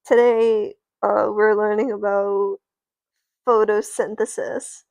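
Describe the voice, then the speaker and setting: A woman's voice: mid-range voice, flat delivery, slow, creaky, a little mellow, no echo. A woman voicing a strict female teacher addressing her class in a firm, announcing manner.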